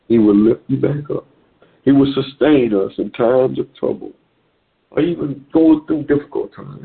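A man with a medium-pitched, gravelly, husky voice exhorts a conference-call audience through a tinny phone connection. His sermon rolls along in a repetitive preaching rhythm.

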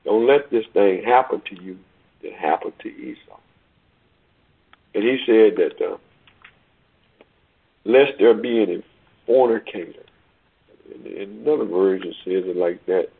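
Husky-voiced man preaching, tinny sound. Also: fairly low pitch. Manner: slow emphatic preaching, repeats words, stretches key phrases. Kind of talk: sermon with scripture reading. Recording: tinny phone-like recording.

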